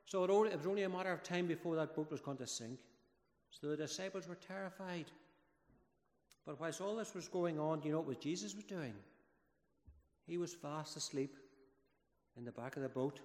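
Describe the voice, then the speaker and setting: A man giving a children's talk during a church service, telling the story with lively, dramatic build-ups. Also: on the high side, brisk. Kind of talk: children's sermon. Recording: echoey church hall with long reverb.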